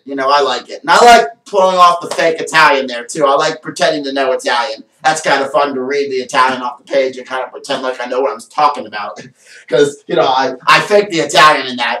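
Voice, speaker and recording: An enthusiastic man presents a card trick with stage patter and then chats about it at length. His voice sits a little high. He sounds a bit away from the mic, in a room with a noticeable echo. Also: a bit bright, far from the mic. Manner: enthusiastic, rambling, showman patter. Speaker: magician. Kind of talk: performing a card trick then casual vlog chat.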